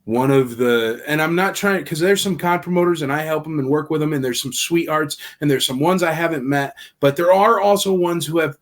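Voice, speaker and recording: A man's voice: a little high, a little fast, hardly any pauses. A man telling stories in a casual podcast chat, acting out quoted dialogue as he goes. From Nashville area. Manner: animated storyteller, acts out quoted dialogue. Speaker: convention organizer guest.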